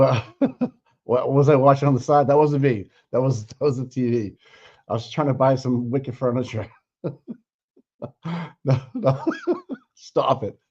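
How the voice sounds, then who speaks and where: A man's voice: medium pitch, a little mellow. A man with a Boston accent co-hosting a casual livestream, rambling and opinionated, with lots of fillers and easy laughter. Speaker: livestream co-host. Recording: dull lo-fi stream audio.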